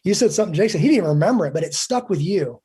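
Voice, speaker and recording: A man in his forties talks quickly and earnestly as a podcast guest, with a fairly high but mellow voice. His tone is a little husky, and he acts out quoted dialogue as he tells his stories. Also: expressive. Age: 40s. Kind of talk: casual podcast conversation.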